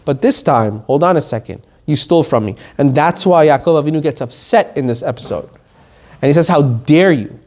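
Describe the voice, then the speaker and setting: A rabbi giving an animated Torah lesson, reading quotes and explaining them in plain English. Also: male voice, a little high, a little fast.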